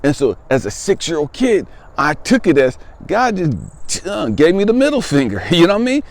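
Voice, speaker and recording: This is a man in his fifties telling his own story, straight to camera, as a spiritual coach. His voice sits slightly high and swings widely in pitch. He talks emphatically and conversationally, hammering points through repetition. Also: huge pitch swings, moderate pace, creaky. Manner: emphatic, conversational, repeats phrases for weight. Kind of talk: personal testimony monologue.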